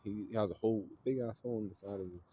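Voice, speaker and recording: Rambling low-voiced man telling a story. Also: racing, dark tone, slight background noise. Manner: rambling, heavy fillers, frequent swearing. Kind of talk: casual retelling of an anime plot.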